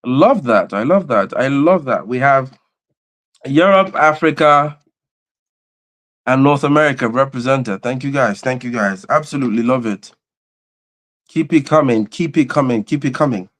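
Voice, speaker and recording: Energetic man hosting a livestream. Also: medium pitch, normal speed, pauses often. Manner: energetic, repeats phrases, greets viewers by name. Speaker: host and convener of a livestream. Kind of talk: livestream opening chat.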